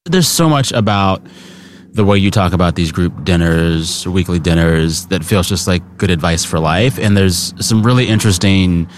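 A man's voice: sits low, moderate pace, slight background noise. A man hosting an interview podcast, effusive and addressing his listeners directly. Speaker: podcast host. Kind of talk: interview conversation.

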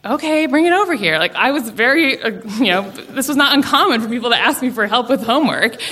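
A young woman telling a personal story at a live story slam, animated and laughing as she acts out the voices of the people in it. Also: fairly high pitch, fast, crowd noise. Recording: live event with audience and some noise. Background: audience.

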